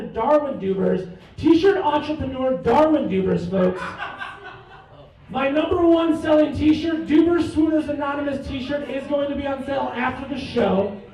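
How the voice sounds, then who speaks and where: A man's voice: extremely high pitch, darkish tone. A man doing a stand-up comedy set in a bar, with cocky, mock-boastful bragging. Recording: echoey room from far off.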